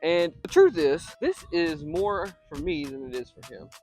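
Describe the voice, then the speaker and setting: A man's voice: a little high, big pitch swings, unhurried, darkish tone, faint music behind, rough recording. A young man talking casually in a rambling vlog monologue outdoors, breaking off now and then to call his dog. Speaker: vlogger and software company owner. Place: outdoors in a field.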